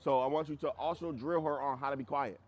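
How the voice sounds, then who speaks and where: A male dog trainer leads a group class in a blunt, conversational way. He keeps hammering points home by repeating phrases. His voice sits at an everyday middle pitch. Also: steady tone, fast, darkish tone, highs cut off. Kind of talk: group class instruction outdoors.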